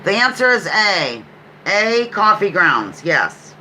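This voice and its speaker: A woman hosts a relaxed livestream trivia quiz, chatting between questions and adding playful asides as she reads the clues aloud. Her mid-range voice is bright and forward, and she takes it slowly. The low-quality recording carries faint background noise.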